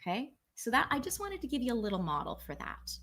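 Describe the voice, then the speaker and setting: A woman's voice: huge pitch swings, fast, bright, forceful tone. A middle-aged woman, a life coach, giving a casual livestream talk with lots of fillers and restarts. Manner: acts out quoted voices with big pitch jumps.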